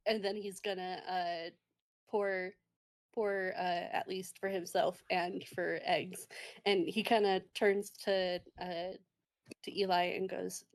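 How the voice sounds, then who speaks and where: A woman's voice: mid-range voice, fairly even intonation, slow pace. A woman narrating as game master in a rambling way, with many fillers.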